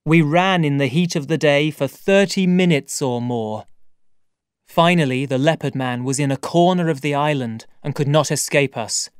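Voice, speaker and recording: A man reading an audiobook in a measured, deliberate storytelling manner, close to a studio mic. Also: a little high, clear, resonant tone, dry recording. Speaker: audiobook narrator. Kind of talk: scripted narration.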